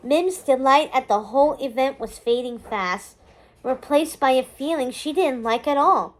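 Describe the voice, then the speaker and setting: A woman reading a novel aloud in a measured, expressive storybook manner. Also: high-pitched.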